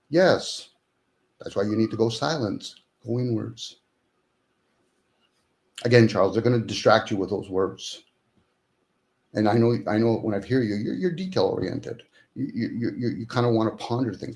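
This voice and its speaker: A man's voice: medium pitch, expressive, brisk, a little mellow. A man in casual conversation as a guest, arguing in rhetorical questions and acting out the voices of people he quotes.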